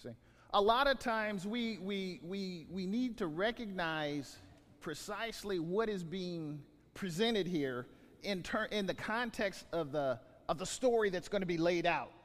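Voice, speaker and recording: A man preaching a sermon as pastor, animated, often repeating words as he acts out scenes. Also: high-pitched, a little slow, big-room sound.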